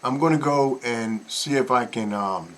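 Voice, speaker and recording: A man giving animated, mocking reaction commentary as a vlogger. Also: medium pitch, a little slow.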